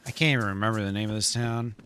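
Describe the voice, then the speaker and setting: A man's voice: fairly low pitch, fairly even intonation, very fast, sharp tone, a little hiss or hum. A man chatting casually while streaming a role-play game. He laughs often and pokes fun at himself. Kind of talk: casual chat while gaming.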